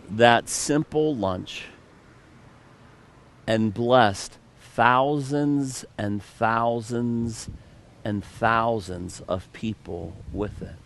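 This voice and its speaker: A man preaching a sermon as pastor, telling a story and briefly acting out the characters with sudden jumps in pitch.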